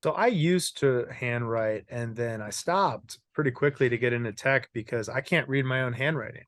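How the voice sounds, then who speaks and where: A young man chats casually on a comedy podcast, wandering through joking stories and laughing as he goes. His voice sits at an ordinary pitch. The recording is close and dry, with no room sound. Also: normal speed, fairly bright tone, dry recording. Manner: joking, rambling storyteller, laughs often. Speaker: podcast host.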